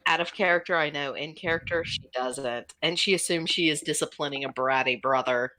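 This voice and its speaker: A woman narrating her character in a tabletop game with a playful, chatty manner. Her voice is bright and forceful, recorded close and dry. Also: low voice, a little fast, no echo, poor audio. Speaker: player. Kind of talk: tabletop game play over voice chat.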